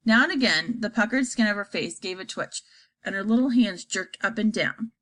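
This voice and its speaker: A woman narrating a children's storybook aloud in an expressive, animated way. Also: mid-range voice, moderate pace. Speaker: audiobook narrator.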